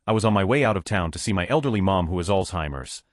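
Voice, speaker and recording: Deep, fast-reading male story narrator. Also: lively intonation, no echo, studio quality. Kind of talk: reading Reddit stories aloud.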